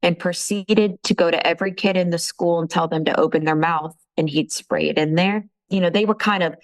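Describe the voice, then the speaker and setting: A woman candidly recounting a painful personal story in an interview, halting with fillers. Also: fairly low pitch, fairly even intonation, poor audio. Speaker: interviewee telling her story.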